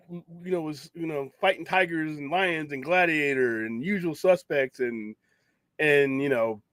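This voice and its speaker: A man's voice: a little high, dry recording. A man hosting a late-night geek talk show, rambling casually with strong opinions, frequent restarts and some swearing. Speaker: podcast host.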